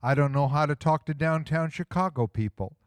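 A man's voice: on the high side, fairly quick, smooth, dry recording. A man preaching a sermon in a folksy, conversational way, full of rhetorical questions. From small-town Midwest US.

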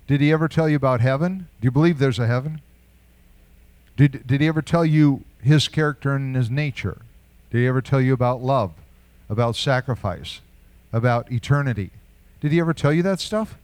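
A man's voice: medium pitch, fairly quick, darkish tone, dry recording. An older man preaching a sermon in a conversational way, asking rhetorical questions and chuckling now and then. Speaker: pastor.

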